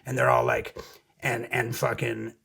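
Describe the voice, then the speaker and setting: A middle-aged man tells his story in a casual interview, swearing freely and restarting his sentences as he goes. His voice is heavily gravelly with a husky, tense edge. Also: fairly low pitch, unhurried. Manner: profane, energetic, frequent restarts. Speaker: musician guest.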